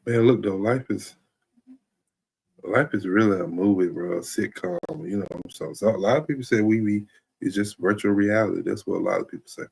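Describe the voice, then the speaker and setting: A man's voice: on the low side, normal speed, vocal fry, darkish tone, breathy edge. A man talking in a loose, rambling comedic monologue as a stream host, often checking in with "you know what I'm saying". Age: adult.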